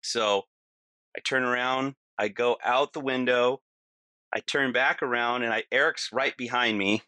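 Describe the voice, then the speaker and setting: A middle-aged man telling a personal story in a casual, animated way, full of "like" and "you know". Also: medium pitch, a little slow, smooth, dry recording.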